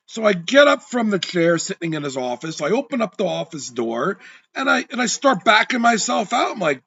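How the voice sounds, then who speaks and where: Animated, husky man telling a story. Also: sits high, a little fast, highs cut off. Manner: animated, acts out both sides of an argument. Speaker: podcast host, real estate agent. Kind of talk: storytelling monologue.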